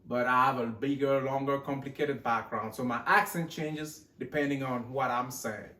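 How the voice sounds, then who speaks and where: In an echoey room, a gun channel host rambles and jokes through a casual show-and-tell vlog of his collection, losing count as he goes. His medium-pitched voice is fairly bright and moves at normal speed, and he puts on a mixed Texan and Australian accent.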